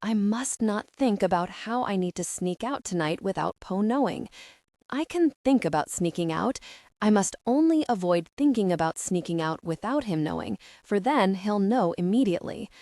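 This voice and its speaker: A woman's voice: medium pitch, animated, moderate pace, mellow, no room sound, clean studio sound, lightly acted. Bitterblue, a frazzled young queen, read by a woman. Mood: anxious. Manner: earnest, flustered inner monologue. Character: anxious exhausted young queen, eighteen.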